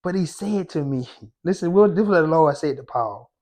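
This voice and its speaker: A man's voice: a little high, expressive, fairly quick, hardly any pauses, a little mellow. A young man giving an impassioned devotional talk, fervent and preacher-like, with casual slang. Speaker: faith content creator.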